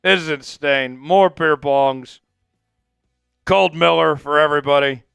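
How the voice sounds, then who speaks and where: A man's voice: fairly high pitch, measured pace, vocal fry, fairly bright tone, clean tone, no room sound, faint music behind. A man hosting a live sports fan stream while drinking, swinging from hype chants to emotional thanks. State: drinking, tipsy. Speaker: sports livestream host.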